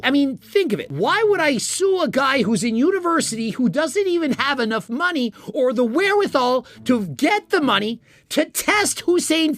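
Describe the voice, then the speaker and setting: A fitness YouTuber, a man, ranting defensively and insistently in a vlog. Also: very high voice. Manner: animated, indignant, insistent.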